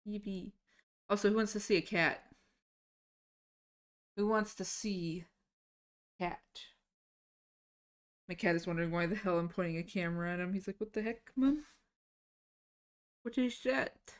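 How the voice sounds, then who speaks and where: A woman's voice: on the low side, flat delivery, normal speed, pauses often. A woman streaming live from home, chatting casually with her viewers, easily sidetracked and swearing now and then. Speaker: livestreamer.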